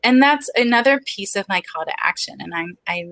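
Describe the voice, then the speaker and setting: Frank, bright-voiced woman in her forties. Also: mid-range voice, animated, fairly quick, no echo, low-quality recording. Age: 40s. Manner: frank, earnest and open. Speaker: guest, speech-language pathologist. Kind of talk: candid interview talk.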